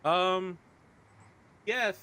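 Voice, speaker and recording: Male game master, bright voice, loose chatty narration, streamed tabletop game. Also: high voice, very slow, clean tone. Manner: casual, chatty, lots of fillers like "like".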